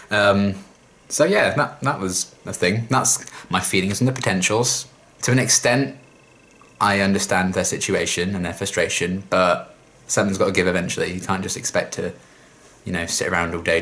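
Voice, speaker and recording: A man's voice: lowish voice, a bit bright. Exasperated man ranting. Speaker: reaction video host. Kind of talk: casual reaction rant.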